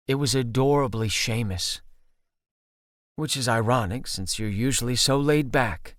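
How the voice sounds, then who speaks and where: A man narrating an audiobook in the first person, steady and intimate. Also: medium pitch, a little slow, dry recording, studio quality.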